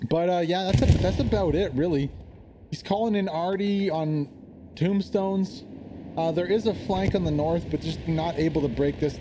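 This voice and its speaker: A man giving casual live commentary on an online war game match, chatty and quick to laugh. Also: fairly high pitch, background noise. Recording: game gunfire and explosions behind.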